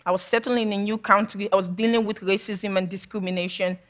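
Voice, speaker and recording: A woman's voice: medium pitch, steady tone, fast. A woman from Sierra Leone giving a personal talk to an audience, speaking candidly and with humor, often laughing. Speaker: public speaker.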